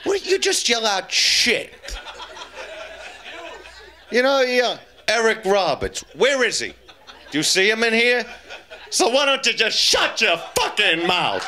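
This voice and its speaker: A man's voice: high-pitched, sing-song, slow, pauses often, bright, forceful tone. A man doing live stand-up comedy on a club stage, crude and taunting the audience as he keeps repeating the same pun into a handheld mic.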